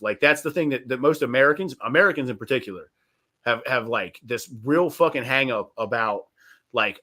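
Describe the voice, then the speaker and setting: Bright-voiced profane comedian guest. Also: male voice, medium pitch, a little fast. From West Virginia. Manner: rambling, profane, animated with many fillers. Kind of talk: casual podcast chat.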